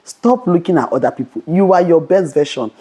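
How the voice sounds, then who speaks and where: A young adult woman vlogger giving a fast, bold motivational Christian talk to camera, often repeating "okay". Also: fairly low pitch, animated, dark tone, husky.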